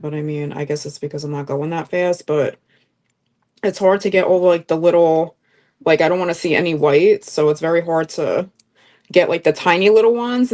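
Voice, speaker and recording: A woman's voice: low-pitched, darkish tone. A woman guest chatting casually about her craft project, rambling with lots of "like" and "I mean". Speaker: livestream guest. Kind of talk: casual chat while crafting.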